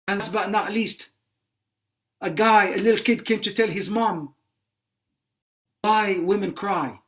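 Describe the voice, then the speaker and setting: A man's voice: high-pitched, normal speed, a bit bright. A man giving a religious lecture on a livestream, impassioned, repeating phrases for emphasis and mixing in Arabic religious phrases. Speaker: Islamic lecturer.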